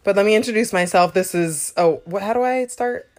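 A woman's voice: medium pitch, fairly quick, darkish tone. A woman hosting a podcast, out of breath and laughing, rambling and restarting her intro. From Southern California. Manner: giggly, rambling, restarts often. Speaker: podcast host. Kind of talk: casual chat.

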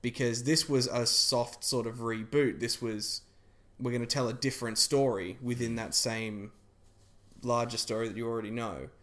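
A man's voice: medium pitch, fairly even intonation, normal speed, fairly bright tone. A man chatting casually about film trailers, rambling with lots of fillers and restarts.

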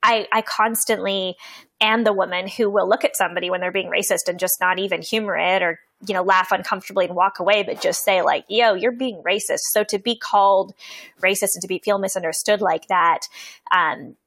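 A woman's voice: mid-range voice, steady tone, brisk, fairly bright tone, no echo. Frank, earnest woman in an interview. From Canada. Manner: frank, earnest, swears freely; reflective, with many fillers and restarts. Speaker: interview guest, poet and coach. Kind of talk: candid conversational interview.

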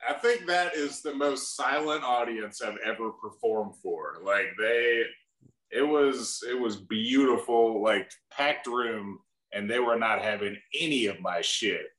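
A man's voice: mid-range voice, animated, measured pace, fairly bright tone, roomy sound, poor audio. A male comedian guest in casual chat, joking and mocking himself. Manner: self-mocking, jokey.

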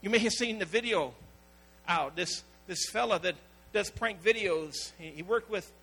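A man's voice: sits high, normal speed, pushed and bright, slightly rough, low-quality recording. A man preaching a sermon as pastor, telling stories and acting out the people in them. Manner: storytelling preacher, acting out quoted voices.

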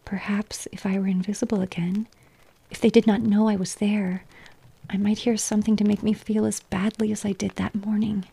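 A woman's voice: mid-range voice, flat delivery, normal speed, vocal fry, mellow, husky. Woman whispering as a wistful, remorseful girl, whispered role-play. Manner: earnest, wistful. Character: remorseful young girl trying to be good.

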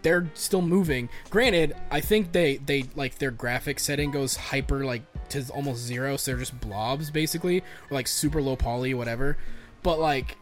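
A man co-hosting a podcast, talking excitedly about games with lots of fillers and casual swearing. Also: medium pitch, moderate pace, soft background music. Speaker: podcast co-host. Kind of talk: casual chat.

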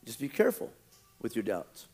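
A male pastor preaching a sermon, animated, often acting out quoted churchgoers. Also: medium pitch, brisk, breathy edge.

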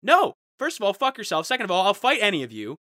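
A young man hosts a casual podcast and rants in mock outrage, with a bright, fairly high voice. The sound is dry and close, with no room heard. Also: huge pitch swings, racing, no room sound. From Ohio. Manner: ranting, mock-outraged, jumps into quoted voices. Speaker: podcast host.

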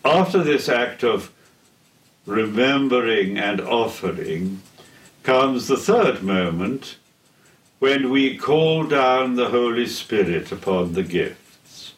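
An older man giving a theology lecture in a deliberate, solemn way, pausing between phrases. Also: mid-range voice, expressive. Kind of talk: slow measured theology lecture. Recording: echoey room, heard from a distance.

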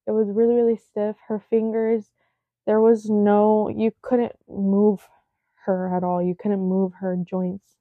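A woman's voice: medium pitch, no echo. Shaken young woman, dry phone-like sound. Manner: halting, filler-heavy retelling, often dropping to a near-whisper. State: shaken, emotional. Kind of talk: personal storytelling to viewers.

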